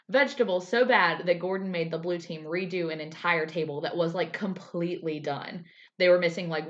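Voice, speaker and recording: A woman co-hosting a casual podcast, animatedly recapping a TV episode. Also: fairly low pitch. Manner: animated storyteller, acts out quotes in a raised voice. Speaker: podcast co-host. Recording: slightly dull lo-fi sound.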